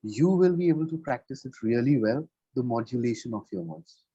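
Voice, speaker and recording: Male english tutor, patient explaining, keeps asking right?, mellow husky voice, muffled dry call audio. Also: mid-range voice, animated, fairly quick, no room sound. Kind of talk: conversational one-on-one lesson.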